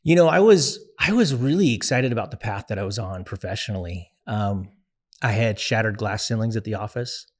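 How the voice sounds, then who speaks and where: A young adult man, a guest in an interview, telling a personal story in an earnest, reflective way with frequent pauses and fillers. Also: lowish voice, lively intonation, darkish tone.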